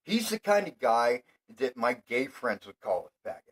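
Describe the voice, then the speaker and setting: A man hosting his own show, delivering a profane, rambling monologue that swears constantly and flares into heated yelling. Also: medium pitch, big pitch swings, moderate pace, slightly rough, rough recording.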